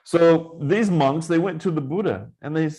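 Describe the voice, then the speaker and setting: A man who teaches Zen meditation, giving an informal dharma talk in a relaxed, conversational way. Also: fairly high pitch, moderate pace, breathy edge.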